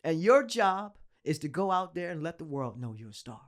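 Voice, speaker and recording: A woman voicing her older grandmother, giving a steady, commanding pep talk. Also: deep voice, moderate pace, pitched below the performer's own voice. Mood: stern.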